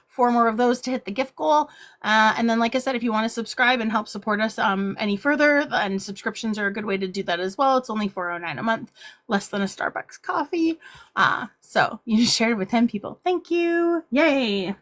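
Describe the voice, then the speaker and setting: A woman's voice: fairly high pitch, brisk, a bit bright. A woman hosting a casual livestream chat, upbeat and chatty, sometimes breaking into auctioneer patter. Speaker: livestream host.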